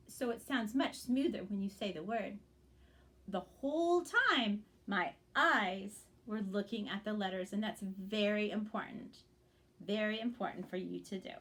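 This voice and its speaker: During a reading lesson, a woman with a fairly high voice helps young children blend the sounds of words, encouraging them patiently and checking in frequently.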